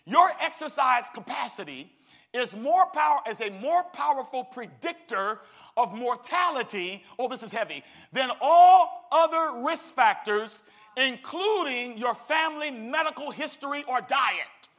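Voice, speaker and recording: A man pastor preaching an animated sermon with call-and-response. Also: extremely high pitch, a little slow.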